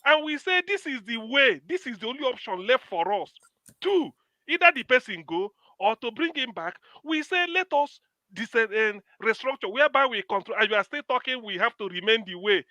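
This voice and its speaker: Nigerian man, heated political debate, emphatic, high voice, swooping pitch. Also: expressive, moderate pace, no echo. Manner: loud, emphatic, mixes in pidgin. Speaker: panel guest.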